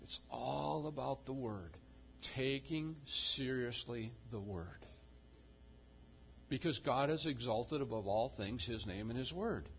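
A male pastor preaching a sermon with emphasis, swinging from loud proclamation to quiet intensity. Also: medium pitch, slow pace, creaky, lo-fi sound, a little hiss or hum.

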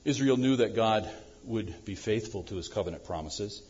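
A man preaching a sermon as pastor, swinging from loud acted-out prayers to low, quiet asides. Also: normal speed, slightly rough, highs cut off. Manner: animated preaching, acting out prayers loudly then dropping low.

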